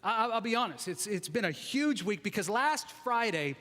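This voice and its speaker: A guest preacher in his forties gives a chatty, self-deprecating sermon in a large church sanctuary, joking with the congregation. His high-pitched voice sounds pushed and bright, with lively intonation at a moderate pace. The recording carries the long reverb of a church hall.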